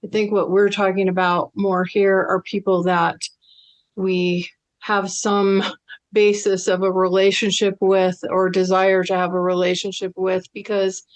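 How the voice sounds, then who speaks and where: A woman hosting an interview podcast, speaking in a measured, thoughtful way. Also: mid-range voice, flat delivery. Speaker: podcast host. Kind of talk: conversational interview.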